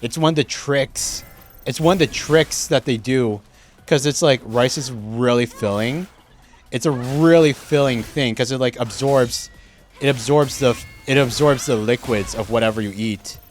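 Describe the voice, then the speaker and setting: A man's voice: mid-range voice, unhurried, faint music behind. A man streaming a game, chatting casually and rambling with lots of fillers and restarts, sometimes talking while chewing food, into a streaming microphone. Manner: laughs easily, gets excited at game moments.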